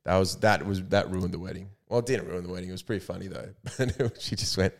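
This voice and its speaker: Teasing young man, low voice. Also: quick pace. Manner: teasing, laughs often, swears casually. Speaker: podcast co-host. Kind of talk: casual banter.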